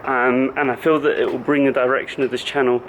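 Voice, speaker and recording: A fitness coach chats casually to his camera, explaining as he goes in loose, stop-start phrases. His voice sits in an ordinary middle pitch. Clear traffic noise runs behind him. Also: flat delivery, fast talker, poor audio. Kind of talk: casual vlog talk to camera.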